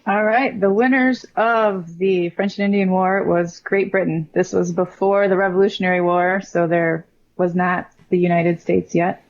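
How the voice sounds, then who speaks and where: A woman's voice: lowish voice, fairly even intonation, slight background noise. Woman reading quiz questions over lo-fi audio. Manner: brisk, matter-of-fact question reading. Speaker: quiz host.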